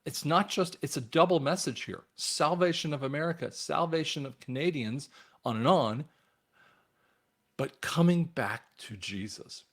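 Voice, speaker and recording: A man's voice: fairly high pitch, animated, measured pace, fairly bright tone. Emphatic man preaching straight to camera. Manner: addresses viewers directly as guys. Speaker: channel host and commentator. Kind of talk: religious and political commentary monologue.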